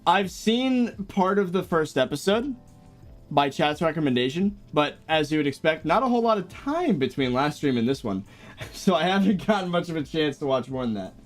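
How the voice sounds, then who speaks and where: A man's voice: on the high side, moderate pace, soft background music. A young American man chatting casually on a live stream, answering viewer messages with frequent chuckles. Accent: General American. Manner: laid-back, chuckles often, lively up-and-down delivery.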